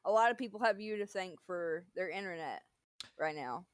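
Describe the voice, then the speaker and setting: A woman's voice: lowish voice, lively intonation, moderate pace, no room sound. A woman chatting on a livestream, reacting playfully and sounding impressed. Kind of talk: casual livestream chat.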